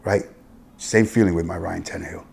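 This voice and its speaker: A man from Miami with a husky voice and a Miami accent, telling stories bluntly in a casual interview, swinging between loud and hushed. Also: low-pitched, fairly even intonation, fairly quick, a little hiss or hum. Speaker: interview guest, youth football coach. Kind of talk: casual storytelling conversation.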